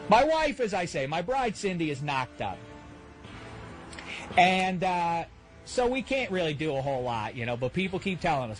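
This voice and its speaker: A man hosting a radio show, telling exasperated comic stories and shouting the punchlines. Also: high-pitched. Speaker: radio host. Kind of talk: comedic radio rant. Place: Los Angeles.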